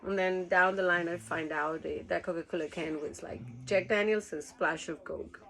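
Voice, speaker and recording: A woman's voice: fairly low pitch, steady tone, normal speed, vocal fry, a bit bright, rough recording. A woman from Rica, telling a rambling story casually, laughing often and swearing freely. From Costa Rica. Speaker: cruise ship worker.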